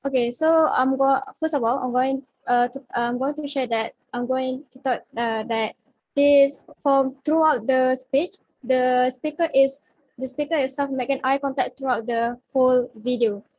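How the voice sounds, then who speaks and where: A woman's voice: high voice, steady tone, unhurried, darkish tone, rough recording. A young woman student giving a class presentation over a video call, speaking hesitantly with many fillers and restarts. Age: young adult.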